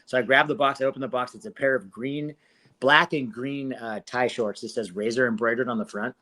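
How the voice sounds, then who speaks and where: A relaxed man in his forties from Southern California, talking like he's hanging out with a friend. He tells his story in an easy, slangy way, laughs often, and acts out other people's lines as he goes. His voice sits at an ordinary middle pitch. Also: a little fast. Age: 40s. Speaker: guest fighter. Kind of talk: casual storytelling interview.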